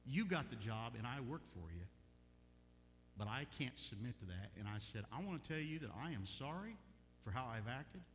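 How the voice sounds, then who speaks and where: A middle-aged man preaching a sermon, telling folksy stories with bursts of loud emphasis. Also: medium pitch, animated, moderate pace. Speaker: pastor. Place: church sanctuary. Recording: long church hall reverb, faint hum.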